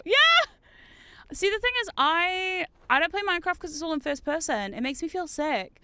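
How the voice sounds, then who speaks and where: A woman with a New Zealand accent giving casual gameplay commentary as a streamer. She talks loudly and excitably and swears a lot. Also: high-pitched, a little fast, slight background noise. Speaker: VTuber streamer.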